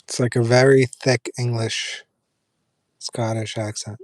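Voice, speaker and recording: A man's voice: medium pitch, little pitch movement, unhurried, no echo. A man chatting casually with viewers on a live stream, rambling with fillers and restarts.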